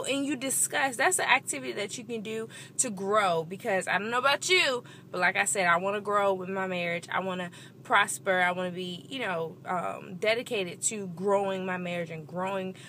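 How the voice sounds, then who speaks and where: A woman's voice: mid-range voice, normal speed, pushed and bright, a little hiss or hum. A young woman talking casually and earnestly about marriage, encouraging listeners and often saying "you know". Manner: earnest, encouraging, filler-heavy. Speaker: vlogger giving marriage advice. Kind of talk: casual talk to camera.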